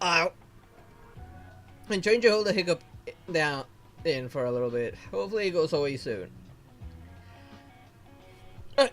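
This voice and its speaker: A male VTuber streamer reading game dialogue aloud slowly, with casual commentary, laughs and mild swearing. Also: a little high, lively intonation, fairly bright tone. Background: faint game music.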